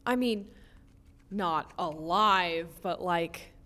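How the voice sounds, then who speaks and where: A woman's voice: on the low side, drawn-out words, exaggerated voice. A woman playing a gloomy, morbid teenage girl who sighs and speaks moodily. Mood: startled. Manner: sighing, moody, breathless when excited.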